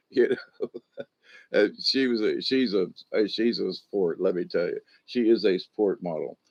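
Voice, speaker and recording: A man's voice: low-pitched, dull audio. Older man rambling through stories. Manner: halting, restarts often, chuckles. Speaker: channel host. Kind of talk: casual rambling storytelling.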